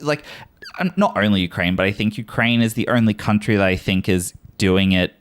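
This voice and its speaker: A man's voice: lowish voice, fairly quick. Chatty man co-hosting a music podcast. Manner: enthusiastic, analytical, hedging with fillers. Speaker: podcast co-host. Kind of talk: casual chat.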